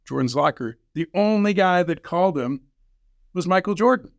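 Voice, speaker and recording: A man hosting an interview podcast, speaking reflectively with many pauses and "um"s. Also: sits high, dry recording, clean studio sound. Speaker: podcast host. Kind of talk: conversational interview.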